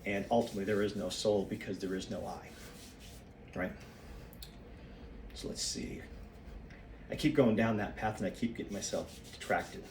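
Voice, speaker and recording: A man's voice: lowish voice, steady tone, moderate pace, pauses often, darkish tone, echoey room, recorded from a distance, a little hiss or hum. A man in his fifties, slightly out of breath, rambling and losing his train of thought as he thinks aloud while shaking his body. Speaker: solo practice vlogger.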